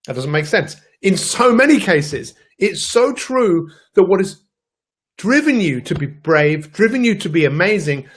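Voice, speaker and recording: A man giving a live motivational talk as a life coach, addressing viewers directly with emphatic energy. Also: a little high.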